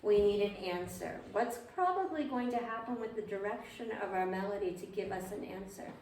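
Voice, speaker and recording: A woman's voice: mid-range voice, lively intonation, fairly quick, a little mellow. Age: adult. Sex: woman. Role: piano teacher. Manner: patient, quizzing the class. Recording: roomy, distant, faint noise. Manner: patient, asks the class questions and repeats answers. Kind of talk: group music lesson.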